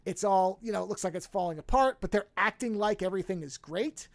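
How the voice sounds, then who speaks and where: This podcast host talks fast at a medium pitch, with no room sound in the recording. Recapping a film in a loose, rambling way, they curse liberally and act out what the characters say.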